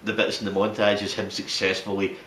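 A man's voice: fairly low pitch, a little fast, recorded from a distance, slight background noise. Man recapping a film, roomy. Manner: animated retelling, acts out characters' lines. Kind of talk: casual film chat.

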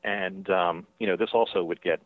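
A man, an author being interviewed by phone, talking in a halting way with many fillers and restarts. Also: low-pitched, fairly even intonation, dry recording. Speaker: author and guest. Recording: tinny dry phone line.

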